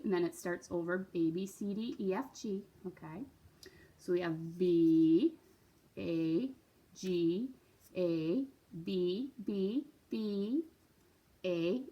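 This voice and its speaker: A woman's voice: mid-range voice, a little mellow. A woman teaching a beginner recorder lesson, patient and encouraging, often checking in with "right?" and "okay?". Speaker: music teacher.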